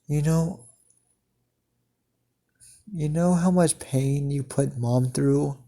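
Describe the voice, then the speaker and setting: A man voicing a calm, sadistic young woman. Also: a little high, very slow, exaggerated voice. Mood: soothing, sadistic. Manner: soft, cooing, eerily soothing.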